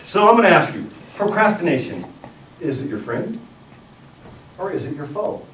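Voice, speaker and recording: Lively man telling funny stories. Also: a little high, normal speed, reverberant, far from the mic, slight background noise, rough recording. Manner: animated storytelling with self-mocking jokes. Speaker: speaker. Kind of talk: humorous live talk. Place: live event room with audience.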